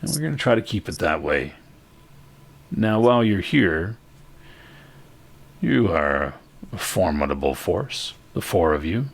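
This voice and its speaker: A folksy town sheriff who keeps his words polite but watchful, as a man puts him on. His voice sits very deep and he takes his time. The courtesy has a guarded, faintly threatening edge. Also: big pitch swings, a little slow, gravelly, long pauses, slightly rough, exaggerated voice. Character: wary smooth-talking male town sheriff.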